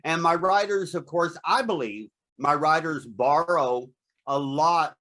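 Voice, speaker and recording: Laughy chatty guy on an interview, bit higher voice, talks about his show. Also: a little slow, a bit bright. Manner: laughs often, chatty and candid. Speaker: guest, horror host performer. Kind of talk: casual interview.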